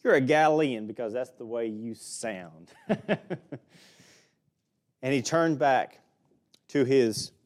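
A man with an Alabama accent preaches a sermon, teaching through a Bible passage in a folksy way with small jokes. His voice is medium in pitch with a darkish tone.

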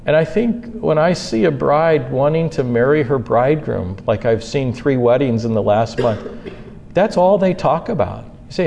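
A man's voice: sing-song, normal speed, slight background noise. Earnest preacher man in reverberant hall. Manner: earnest, swings from soft asides to loud raised-pitch outbursts. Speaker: pastor. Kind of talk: sermon.

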